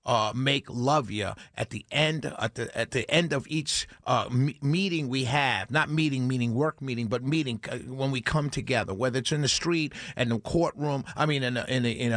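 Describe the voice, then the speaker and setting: A man's voice: mid-range voice, fairly bright tone, no echo. A man hosting a talk radio show, preaching in a monologue full of rhetorical questions and repeated phrases. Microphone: studio microphone.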